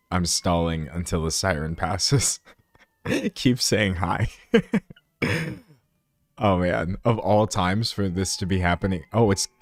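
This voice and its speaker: A young man talks to his live chat in a loose, rambling way, breaking into laughter and side comments. His voice sits on the low side. The sound is dry and close, with no room echo. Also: gravelly. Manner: animated, laughs often, rambling asides. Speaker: streamer host. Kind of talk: casual live-stream commentary. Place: room indoors, siren outside at times.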